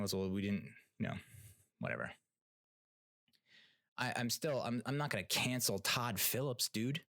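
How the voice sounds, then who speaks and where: Male podcast host, low-pitched, rambling and blunt, dry close recording. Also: lively intonation, measured pace, long pauses, fairly bright tone, no echo. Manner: rambling, many fillers and restarts, blunt and profane. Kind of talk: casual solo rant and TV review.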